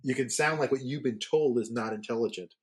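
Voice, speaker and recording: A middle-aged man chats on a podcast, his voice a bit husky and breathy. He wanders through long anecdotes, stopping and restarting with plenty of ums. His pitch sits in an ordinary middle range. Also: fairly quick. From Northeastern United States. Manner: rambling storyteller, many fillers and restarts. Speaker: podcast co-host. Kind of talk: casual conversation.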